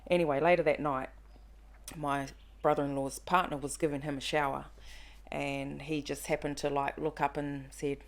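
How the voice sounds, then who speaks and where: A woman in her thirties talks on a casual podcast, her voice sitting low. She tells a personal story with animation and acts out the quotes along the way. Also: little pitch movement, moderate pace. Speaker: podcast guest.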